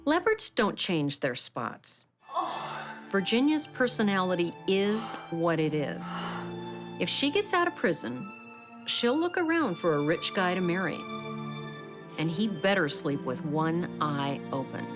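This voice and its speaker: A woman's voice: fairly low pitch, big pitch swings, unhurried. A woman giving a documentary interview in a blunt, emphatic way. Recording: music bed under the voice.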